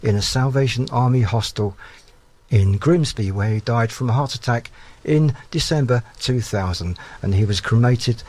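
A man's voice: mid-range voice, moderate pace. Chatty male music show host. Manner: relaxed and self-deprecating, with frequent fillers.

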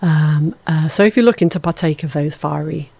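Low-voiced chatty radio host woman. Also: moderate pace, creaky, warm tone. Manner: chatty and playful, jokes at herself. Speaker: radio presenter. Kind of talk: casual radio chat. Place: radio studio.

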